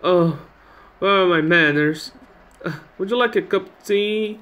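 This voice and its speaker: A man voicing a frail, tearful old woman in debt, in a high, wavering, pleading voice. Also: unhurried, sharp tone, highs cut off. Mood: polite, gentle. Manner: apologetic and pleading.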